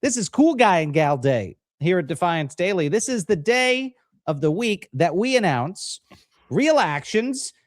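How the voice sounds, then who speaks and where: A man co-hosting a live-streamed political talk show, talking in an energetic, upbeat way over a video call. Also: high voice, a little slow, dry recording, clean studio sound. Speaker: co-host.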